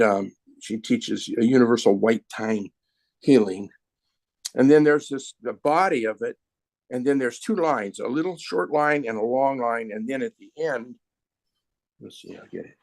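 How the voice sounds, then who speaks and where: A man with a gravelly, creaky voice, recorded dry and close. He talks slowly and patiently, walking through his ideas step by step as a sound healer. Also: medium pitch, dry recording. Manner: slow, explanatory, demonstrating with his hands. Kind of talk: conversational interview.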